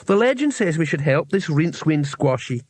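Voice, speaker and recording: A man's voice: fairly high pitch, sing-song, moderate pace, no room sound, pitched above the performer's own voice. A man voicing an eager, skinny male troll who asks keenly about the plan.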